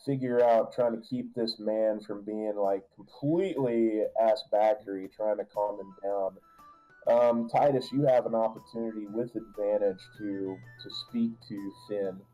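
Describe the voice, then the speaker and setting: A man's voice: fairly low pitch, steady tone, a little slow, dark tone, soft background music, poor audio. A man narrating a tabletop game as game master, rambling with restarts and filler words.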